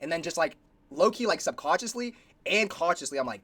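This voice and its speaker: Fast-talking young man reacting. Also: a little high, very animated, sharp tone. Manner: rambling, slangy, lots of fillers and swearing. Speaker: streamer reacting to a video. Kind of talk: casual reaction commentary.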